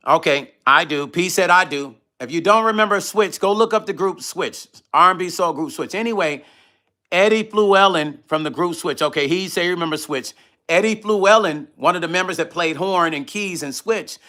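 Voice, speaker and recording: A man casually telling a personal story on his vlog, animated and profane, acting out both sides of phone calls. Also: a little high. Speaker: musician vlogger.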